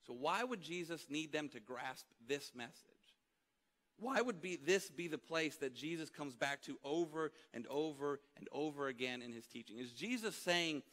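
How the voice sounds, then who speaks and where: A man preaching a sermon as pastor, telling a story in an animated way and acting out the voices of those in it. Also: fairly high pitch, normal speed. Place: church auditorium. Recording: long hall reverb.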